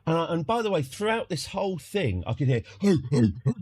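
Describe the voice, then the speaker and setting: A man's voice: on the high side, big pitch swings, quick pace, breathy edge, dry recording. A British man streaming from home, telling a casual story in a rambling, wry way with lots of restarts. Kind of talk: casual anecdote.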